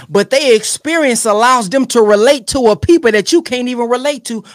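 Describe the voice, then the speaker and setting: A young man giving emphatic, animated commentary on a sermon clip he is reacting to. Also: high-pitched, dry recording, studio quality. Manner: animated and emphatic, keeps urging "come on, man". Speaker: online commentator.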